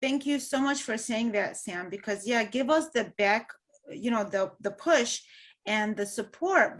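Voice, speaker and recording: A woman hosting an interview, asking long, winding questions and thanking her guest warmly. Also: medium pitch. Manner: warm, appreciative, rambling questions. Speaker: interview host, filmmaker. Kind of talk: interview conversation.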